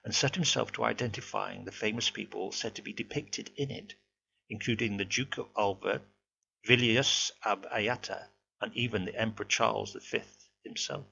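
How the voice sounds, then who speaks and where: A man narrating a ghost story in a measured, expressive way, in a dull lo-fi home recording with a faint hum. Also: fairly low pitch, vocal fry.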